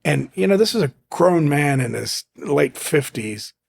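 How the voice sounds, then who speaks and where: A middle-aged man from Zimbabwe, a podcast guest, telling rambling, animated hunting anecdotes with many restarts. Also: a little high, unhurried, gravelly, breathy edge. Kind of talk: casual storytelling interview.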